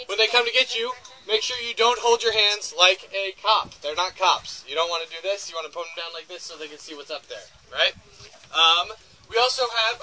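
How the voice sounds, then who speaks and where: A man's voice: sits high, bright, forceful tone, a little hiss or hum, rough recording. A man leading a reindeer farm tour outdoors, giving joking, teasing instructions and laughing often. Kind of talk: joking instructional talk to visitors. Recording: outdoor tour with crowd audible. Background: group of visitors.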